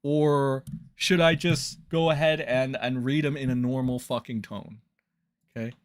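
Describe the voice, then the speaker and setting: A man's voice: mid-range voice, fairly even intonation, a little slow. A man live-streaming, reacting to posts in rambling, profane, exasperated commentary to his chat.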